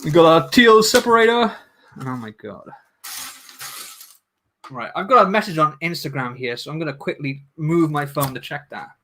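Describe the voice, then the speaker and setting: Building on a casual livestream, this man jokes and chats with his audience and addresses viewers directly. He sounds fairly high, expressive, pushed and bright, speaking at normal speed with frequent pauses over faint background noise.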